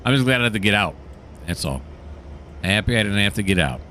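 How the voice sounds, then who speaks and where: A man's voice: fairly low pitch, expressive, a little fast, sharp tone, slight background noise. A man casually commentating his train-simulator play, chatty and mildly sarcastic, talking to himself and the game. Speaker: gaming channel host.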